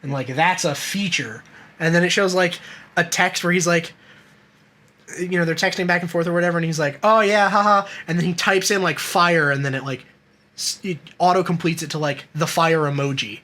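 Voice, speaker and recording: A young podcast co-host chats casually and rambles, swearing a lot and laughing often. His voice is a little high, bright and forceful, with a steady tone and a brisk pace.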